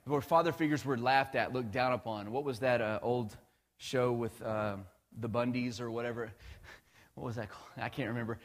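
A male pastor preaching a conversational, animated sermon, with restarts and asides to the congregation. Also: medium pitch, moderate pace. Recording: long hall reverb.

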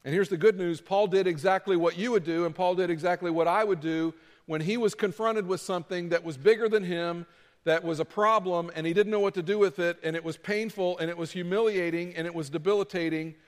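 A man preaching a sermon as pastor, dramatic, moving between loud pleading and quiet asides. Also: high-pitched, fairly even intonation, fairly quick, long reverb tail.

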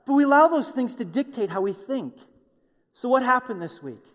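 A man preaching a sermon in an animated way, acting out the voices of others with jokey asides. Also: very high voice, moderate pace, long reverb tail. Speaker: pastor.

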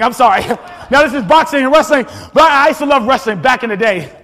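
A man preaching a sermon, energetic and often shouting, with frequent repeats and restarts. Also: very high-pitched, brisk. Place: church sanctuary. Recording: long hall reverb, faint congregation.

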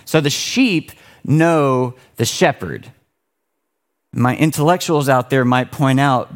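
A man delivering a sermon with a relaxed, conversational feel. He tells stories in an animated way and often stops and restarts his sentences. His voice sits at a middle pitch. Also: slow. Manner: casual, animated storytelling with frequent restarts. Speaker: pastor.

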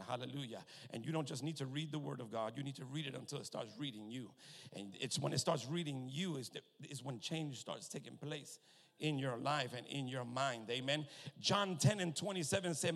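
A man preaching a sermon, peppering his points with hallelujahs and amens, slowing down to stretch key words and swelling to loud emphasis as he asks the congregation if they hear him. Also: mid-range voice. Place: church sanctuary with long reverb. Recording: long reverb of a church hall.

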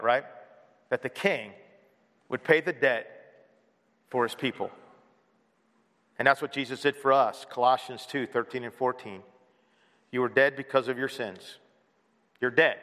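A man's voice: medium pitch, steady tone, normal speed, pauses often, pushed and bright. A man preaching a sermon as pastor, earnest, with many rhetorical questions. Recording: long hall reverb.

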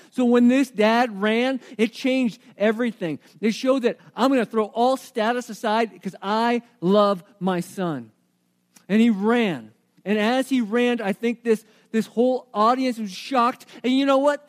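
A man preaching a sermon, retelling a story with animated energy and frequent rhetorical questions. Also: very high-pitched.

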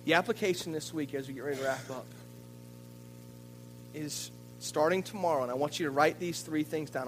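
A man preaching a sermon as a pastor, telling a story in a lively way and often repeating words as he goes. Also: a little high, rough recording. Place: church.

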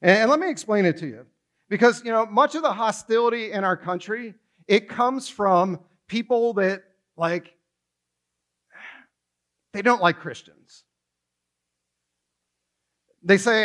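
A male pastor preaching a sermon in an animated, conversational way, full of rhetorical questions. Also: sits high, measured pace, long pauses.

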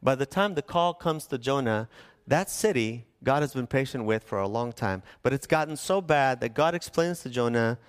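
A man from Southern California, a pastor preaching a sermon and telling a story with lively, shifting pace. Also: medium pitch, clean tone. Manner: animated storytelling, shifts between fast and slow.

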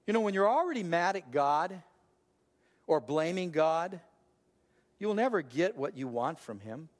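A man's voice: on the high side, very animated, a little slow. An older man preaching a sermon as a pastor, emphatic, with a repetitive preaching cadence. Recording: long hall reverb.

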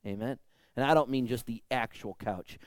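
A man's voice: mid-range voice, brisk, clean tone, no room sound. A man preaching a sermon in a conversational way, acting out voices when he tells a story. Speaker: pastor.

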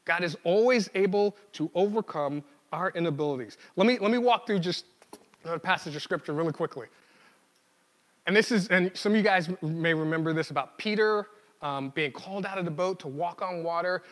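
Male preacher, high voice, chatty sermon delivery with restarts, in a reverberant hall. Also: brisk. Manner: conversational, acts out quotes, frequent fillers and restarts.

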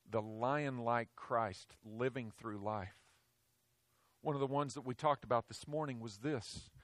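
A man preaching a sermon in an emphatic way, swinging from loud declarations to hushed, low phrases. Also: no echo.

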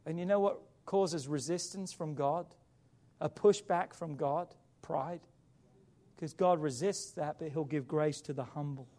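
A man preaching a sermon as pastor, with emphatic rises and quiet drops. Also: on the high side, measured pace.

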